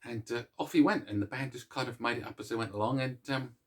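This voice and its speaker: A man's voice: medium pitch, fast. A man hosting a casual music show, chatting to viewers in a rambling, self-mocking way, with plenty of restarts. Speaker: host of a music series.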